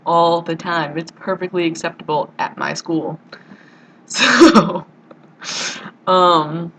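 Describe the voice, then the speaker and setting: A woman's voice: fairly low pitch, fairly even intonation, a little slow, fairly bright tone, slight background noise, rough recording. A young woman from the United States, chatting casually in a rambling, giggly video diary to a friend. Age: young adult. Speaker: vlogger.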